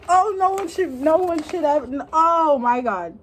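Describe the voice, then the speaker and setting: Squealing young woman with very lively pitch. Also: measured pace, a little hiss or hum. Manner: squealing, gasping, fangirl outbursts. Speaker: vlogger unboxing an album. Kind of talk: excited unboxing commentary.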